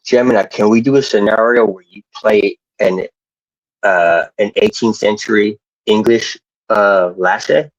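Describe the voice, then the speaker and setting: Husky, low-voiced man on earphones. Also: steady tone, dry recording, dull audio. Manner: halting, restarts questions, swears casually. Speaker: streamer. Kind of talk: casual chat.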